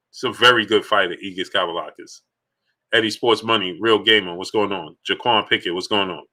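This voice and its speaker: A man with a lowish, bright and forceful voice hosts a live sports stream. He talks casually and emphatically, hammers his points through repetition and keeps calling out viewers in the chat by name.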